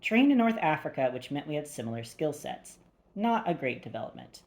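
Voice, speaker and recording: Audiobook narrator, woman, low pitch, wry and animated. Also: fairly quick. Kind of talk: first-person audiobook narration.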